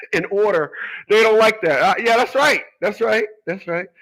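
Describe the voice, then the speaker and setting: A man hosting a home live stream, his talking voice sitting a touch higher than most men's. He reads viewer comments and fires back crude, joking replies in a loose, casual way. He keeps laughing at his own jokes. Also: normal speed, a bit bright, raised voice, low-quality recording. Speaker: internet talk show host.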